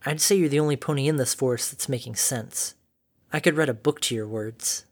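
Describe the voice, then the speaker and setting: A man's voice: medium pitch, a little fast, background noise, lightly acted. A man voicing a weary, battle-scarred mare pony, tired and bitter.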